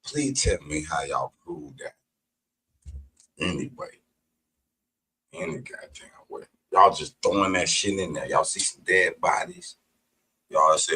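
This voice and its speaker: Heated, husky-voiced man ranting. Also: deep voice, sing-song, a little slow, long pauses, poor audio. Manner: profane, preachy and combative, with sudden shouted outbursts. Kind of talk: heated monologue.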